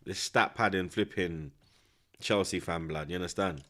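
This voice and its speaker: Over very noisy audio, a young male streamer with a deep voice reacts live to a football match at a moderate pace. He chats animatedly in street slang, often ending lines with tag questions.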